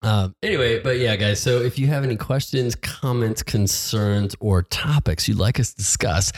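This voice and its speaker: A man co-hosting a podcast, chatting casually in a relaxed, joking and teasing way. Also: lowish voice, moderate pace. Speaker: podcast co-host. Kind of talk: casual chat.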